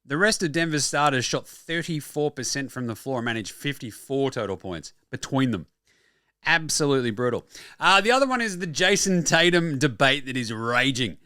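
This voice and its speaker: An Australian man hosting a basketball show, talking casually and excitedly with frequent swearing and quick asides. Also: mid-range voice, smooth, dry recording, clean studio sound. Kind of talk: casual sports talk.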